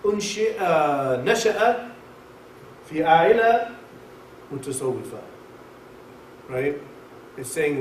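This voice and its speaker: Guy preaching, kinda high voice, echoey room, mic far off. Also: fast, pauses often. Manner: emphatic, animated lecturing. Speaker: mosque speaker. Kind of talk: conversational sermon. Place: mosque hall. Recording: echoey hall, mic far off, faint hiss.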